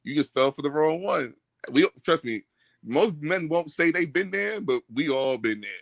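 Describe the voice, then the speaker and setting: A man's voice: a little high, expressive, moderate pace, vocal fry, no echo. A man with a New York accent, a guest calling in to a casual chat, joking and slangy. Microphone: phone or call audio, camera off.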